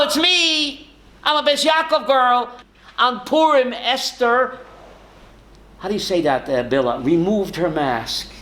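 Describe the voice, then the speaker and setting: A male rabbi giving a lively Torah class, asking rhetorical questions and calling on listeners by name. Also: high-pitched, a little hiss or hum. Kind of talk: Torah class to a live audience.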